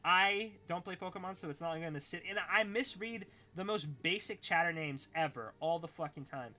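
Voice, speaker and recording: A young man with a high, very bright and forceful voice, chatting loosely to his livestream chat. He rambles, swears constantly and breaks into laughter, reacting to messages as they come in. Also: a little fast. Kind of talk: casual livestream chat reading chat.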